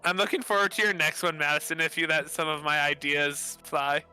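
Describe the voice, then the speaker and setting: A man with a very bright, sharp voice set a little high chats casually as a tabletop player. His remarks come out dry and joking, over faint music. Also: brisk, low-quality recording. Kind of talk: casual chat.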